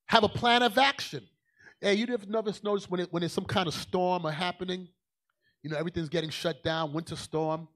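This sermon comes from a man whose voice is fairly high. Colloquial and emphatic, he slips into soft asides and works his way back up to shouting.

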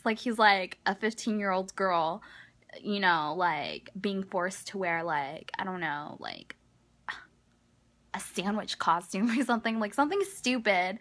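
A young woman vlogger tells a story casually, gossipy and exasperated, saying "like" over and over. Her voice is mid-range and fairly bright, at a measured pace.

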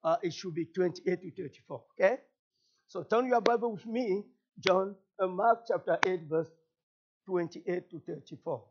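A man from Cameroon with a Cameroonian French accent, whose first language is French, preaching a fervent sermon as a guest pastor, repeating phrases and rising to shouts. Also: high voice, moderate pace, muffled recording.

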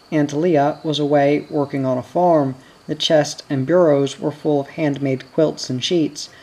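A reader calmly reading a children's novel aloud in measured storytelling. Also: medium pitch, rough recording. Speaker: audiobook reader.

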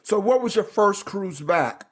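A man hosting a podcast, asking slow, measured interview questions. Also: high-pitched, expressive, a bit bright, breathy edge. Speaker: podcast host.

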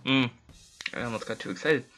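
A let's play host giving live gameplay commentary, excitable, swearing often and talking to the game. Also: mid-range voice, fairly quick, faint music behind.

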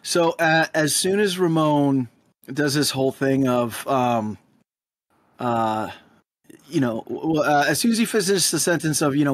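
A man playing in a tabletop game, talking in an animated, rambling way full of fillers. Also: a little high, a little slow, dry recording. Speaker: player.

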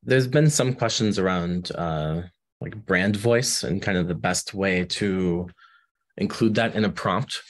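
A man relaying audience questions in a webinar, asking hesitantly with many fillers. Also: low-pitched. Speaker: moderator relaying chat questions.

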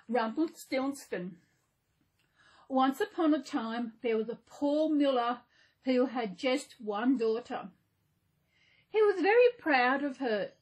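A woman host reading a fairy tale aloud in a gentle, unhurried way, with small slips now and then. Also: high-pitched, husky. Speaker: channel host reading a story.

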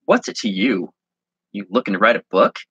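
A man's voice: lowish voice, normal speed, a bit bright, breathy edge, no room sound, muffled recording. A man voicing a curt, cold young woman. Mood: prickly. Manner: curt and dismissive. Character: cold, guarded young woman bookstore browser.

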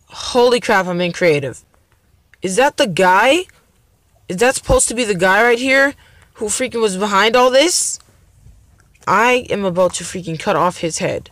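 A man's voice: sits high, expressive, slow, long pauses, a bit bright, dry recording. A man hosting a gaming video, chatting casually and reacting aloud as he plays. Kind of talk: casual gameplay commentary. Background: game music.

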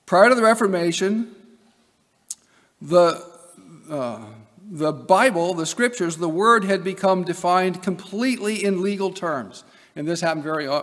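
Male professor from Nebraska, high gravelly voice, lecturing emphatically in a hall with long reverb. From Nebraska, USA. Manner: emphatic, with wry asides. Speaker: seminary professor giving a lecture. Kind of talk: academic lecture.

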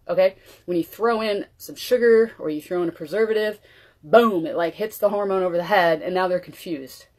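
A woman with a slightly low voice talks to her viewers in a loose, chatty way while she fixes her morning coffee. She moves around as she works, so her voice drifts closer and farther from the mic. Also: fairly quick, a little mellow. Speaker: wellness vlogger. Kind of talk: casual cooking demo chat.

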